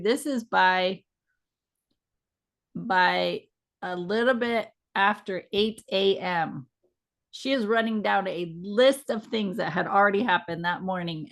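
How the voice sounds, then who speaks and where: A woman co-hosting a podcast, telling a story from work in a relaxed, conversational way with a gently reassuring manner. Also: mid-range voice, creaky. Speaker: podcast co-host.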